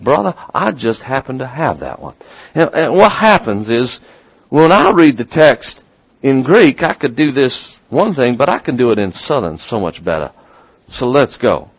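Excitable male pastor, dull dry sound. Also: medium pitch, no room sound. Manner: excitable, repeats words when worked up. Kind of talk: sermon.

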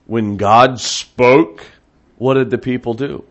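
A man's voice: medium pitch, fairly even intonation, slow pace, highs cut off. A man giving a sermon as a Bible teacher, conversational with frequent restarts and asides, reading scripture quotes in a raised, emphatic voice.

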